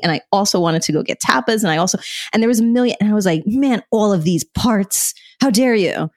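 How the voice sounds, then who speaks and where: A woman co-hosting a podcast, telling a personal story in an expressive way and acting out remembered dialogue. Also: lowish voice, dry recording, clean studio sound. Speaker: podcast co-host.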